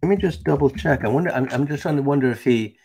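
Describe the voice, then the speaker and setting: A man's voice: medium pitch, fast, darkish tone, husky. A man hosting a live stream, reading a text aloud and chatting casually with viewers. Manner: casual, chatty, asides to the chat.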